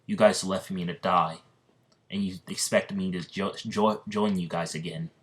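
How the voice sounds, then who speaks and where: Casting: bitter young witch, stammering, low voice, by a man. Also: steady tone, moderate pace, a bit bright.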